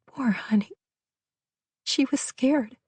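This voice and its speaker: A woman's voice: medium pitch, normal speed, mellow, husky, dry recording, pitched above the performer's own voice, lightly acted. A woman voicing a tender-hearted, headstrong adult woman who talks in an emotional, teasing way. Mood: teary.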